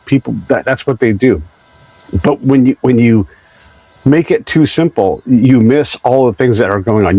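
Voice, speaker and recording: A man's voice: mid-range voice, darkish tone, no room sound, poor audio. An American man hosts an interview and tells long, winding stories, restarting sentences and acting out what others said. His voice sits in a medium range, and the recording is dry and close. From United States. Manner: rambling storyteller, many restarts, acts out quotes. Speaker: podcast host. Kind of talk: conversational interview.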